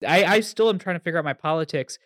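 A man's voice: on the high side, quick pace, a bit bright, no room sound, clean studio sound. A man hosting a podcast interview, asking questions in an eager, emphatic way. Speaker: podcast host. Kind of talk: conversational interview.

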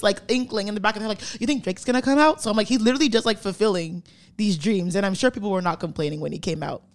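A woman co-hosting a podcast, telling stories in casual chat, acting out quotes and swearing freely. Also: on the high side. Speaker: podcast co-host.

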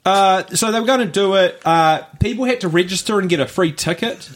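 A New Zealand man co-hosting a casual podcast. His voice sits a little on the high side, and he tells stories in a chatty way, often laughing between points. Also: fairly quick. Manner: chatty storyteller, laughs along while telling news. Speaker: podcast co-host. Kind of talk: casual chat.

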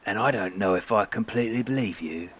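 Distrustful pirate captain, voiced by a man, low and blunt. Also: fairly quick, a bit bright, slight background noise, natural voice. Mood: menacing. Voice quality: blunt, threatening.

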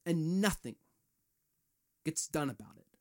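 A man's voice: on the high side, expressive, unhurried, darkish tone. A man hosting a solo podcast, ranting in a fired-up, profane way. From United States. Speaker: podcast host.

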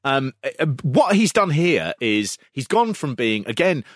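Animated man rambling on a podcast. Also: mid-range voice, measured pace, no room sound, studio quality. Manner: rambling, self-deprecating, lots of fillers and restarts. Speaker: podcast co-host. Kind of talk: casual comedic chat.

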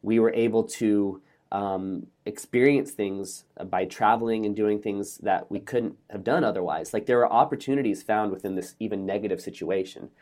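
A man's voice: on the low side, normal speed. Brief: middle-aged male guest, upbeat, tells stories with playful voices. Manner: energetic, optimistic, acts out voices in a joke. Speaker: podcast guest, author. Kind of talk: casual interview storytelling.

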